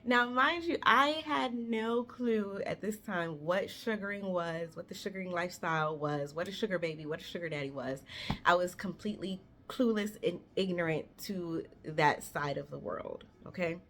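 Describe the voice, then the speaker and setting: A woman around thirty telling a story on her vlog in a chatty, animated way, swearing freely and talking straight to her viewers. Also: fairly low pitch, normal speed, slight background noise.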